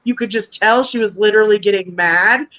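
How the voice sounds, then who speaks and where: A woman's voice: medium pitch, a little fast, muffled recording. A woman chatting casually on a podcast, rambling animatedly and poking fun at herself. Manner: animated, self-deprecating rambling. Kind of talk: casual chat.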